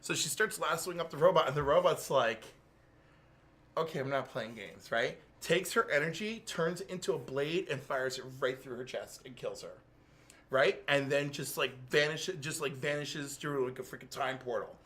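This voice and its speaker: A man co-hosting a casual podcast, recapping a comic book and acting out the characters' lines in quick voices. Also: on the high side, fairly bright tone. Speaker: podcast co-host.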